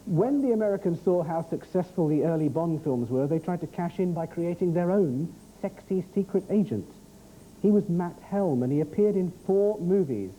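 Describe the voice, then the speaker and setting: A man hosting a TV quiz show, reading questions with brisk, jokey patter. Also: sits high, lively intonation, warm tone, slight background noise, low-quality recording.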